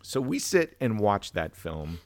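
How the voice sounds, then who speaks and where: A man's voice: on the low side, very animated, a little slow, a little mellow, no room sound. A man co-hosting a casual film review chat, telling stories and acting out family dialogue. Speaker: podcast co-host.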